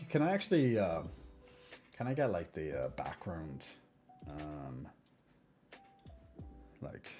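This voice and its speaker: A man's voice: fairly low pitch, mellow. Joking man on a live stream. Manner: joking, rambling, swearing. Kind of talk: casual live-stream chat.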